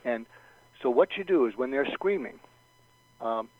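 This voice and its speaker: Male guest expert, husky, plain conversational delivery, lo-fi radio broadcast quality. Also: mid-range voice, lively intonation, unhurried, dry recording. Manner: thoughtful, repeats words, acts out sample lines. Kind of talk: conversational advice with acted examples. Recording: dull, lo-fi radio sound.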